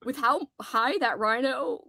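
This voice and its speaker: A woman's voice: sits high, slow pace, sharp tone, dry recording. A young woman hosting a casual livestream, chatty and giggly, reading out chat messages and laughing often. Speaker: livestream host.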